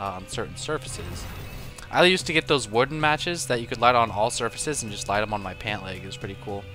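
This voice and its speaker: A young man casting a strategy game match in a loose, chatty way. His voice is bright and forward, and he drifts into jokey, self-mocking asides. Faint music plays behind him. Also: medium pitch. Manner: joking, self-deprecating, rambling asides. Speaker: game commentator. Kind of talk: casual esports commentary.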